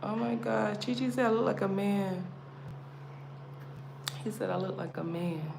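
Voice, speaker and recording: A woman's voice: mid-range voice, steady tone, a little slow, vocal fry. Chatty woman on a roomy live stream. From United States. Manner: chatty, laughing, playful. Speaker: livestream host. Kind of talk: casual livestream chat. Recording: roomy echo, background noise.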